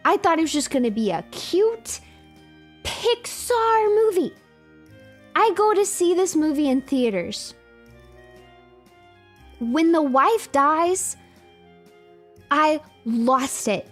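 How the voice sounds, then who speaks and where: A young adult woman streamer chatting casually with her viewers, telling a story in an animated, emphatic way with lots of repetition. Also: sits high, takes it slowly, pauses often, soft background music.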